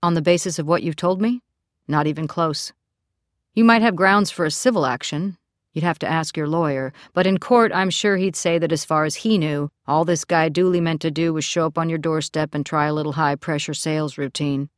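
Woman reading a male county deputy, calm, matter-of-fact, low voice, dry close audiobook sound. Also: fairly quick, no room sound, close to an everyday voice.

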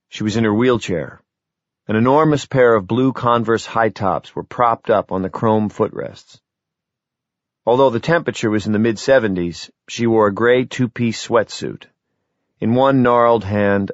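A man reading an audiobook in steady, wry first-person storytelling. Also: lowish voice, no room sound. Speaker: audiobook narrator. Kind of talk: scripted narration. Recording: slightly dull, lo-fi recording.

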